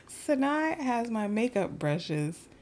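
A woman's voice: a little high, sing-song, slow, darkish tone. A woman co-hosting a casual podcast, telling funny stories about her children and laughing often. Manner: laughs often while storytelling. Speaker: podcast co-host, mother. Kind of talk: casual chat.

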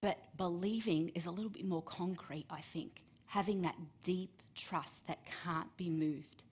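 A woman's voice: on the low side, a little slow, slightly rough. Chatty woman telling a Bible story. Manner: lively, chatty, asks listeners by name, drops to hushed tones for emphasis. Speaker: children's Bible teacher. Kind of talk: storytelling sermon to children.

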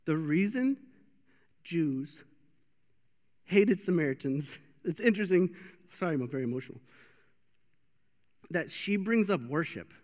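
In a church hall with long reverb, a young man gives a casual, joking sermon, animated and full of restarts. His voice is a little high and unhurried, with long pauses.

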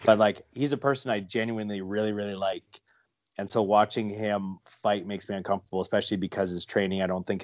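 A man's voice: on the low side, no echo. A man chatting casually on a podcast, rambling with lots of fillers and restarts. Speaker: guest, fighter and wrestler.

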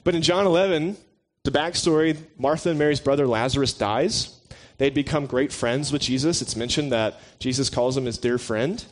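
A man giving a casual, conversational sermon, relaxed and joking with his listeners. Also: medium pitch, moderate pace, hardly any pauses. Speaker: preacher.

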